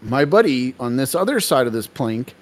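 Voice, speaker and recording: A man's voice: mid-range voice, big pitch swings, normal speed. A young man chatting loosely on a podcast, piling up fillers and restarts as he tells a story. He laughs often as he talks, in a mid-range voice. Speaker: podcast co-host. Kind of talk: casual podcast chat.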